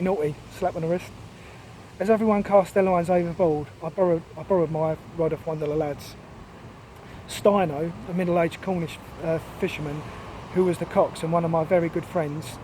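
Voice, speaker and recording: High, lively man. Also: noisy background. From Barking, London, England. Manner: lively, chatty, chuckling asides. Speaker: author reading his own memoir. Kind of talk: personal storytelling.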